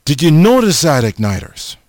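A man preaching an informal sermon, slow and halting, often pausing and restarting as he addresses his listeners. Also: a little high, sing-song, darkish tone, dry recording. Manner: slow, halting, repeats the audience name often.

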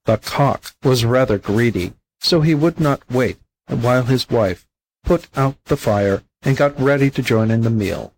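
A man reading an old fable aloud as a volunteer audiobook narrator, in a plain, steady storybook manner. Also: medium pitch, a little slow, poor audio.

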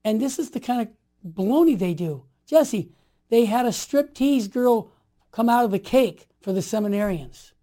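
A man in his sixties with a high yet mellow voice tells stories in a conversation. He talks emphatically and with animation, and sometimes builds to forceful outbursts. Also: lively intonation, moderate pace. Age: 60s. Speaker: interview guest. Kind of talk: storytelling conversation.

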